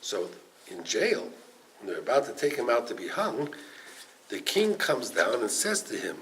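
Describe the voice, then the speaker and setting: A man's voice: mid-range voice, normal speed, a little hiss or hum, poor audio. An older man, a rabbi, teaching a Torah class, telling stories and acting out the voices in them, with Hebrew and Yiddish terms mixed in. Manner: animated storytelling, acts out quoted voices.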